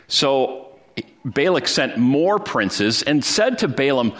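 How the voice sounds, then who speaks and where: A man's voice: medium pitch, expressive, a little slow, a bit bright. A man preaching a sermon, retelling a Bible story in a conversational way with frequent fillers and restarts. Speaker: pastor.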